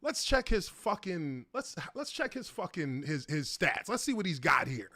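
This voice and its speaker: A man's voice: on the high side, moderate pace, no echo, studio quality. A man hosting his own show, giving casual, profane commentary on a video clip and talking straight to viewers. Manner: profane, animated, talks to viewers. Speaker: show host.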